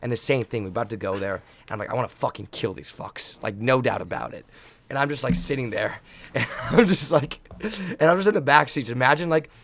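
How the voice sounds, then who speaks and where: A man's voice: mid-range voice, a little fast, gravelly, a bit bright, slight background noise. A young man telling a rambling, profanity-laced story in casual chat, hyped-up and emotional. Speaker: podcast co-host, volleyball player.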